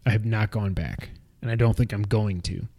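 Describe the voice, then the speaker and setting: A man co-hosts a casual gaming podcast, joking, rambling, and laughing at himself as he goes. His voice sits on the low side and sounds mellow, at a normal speed.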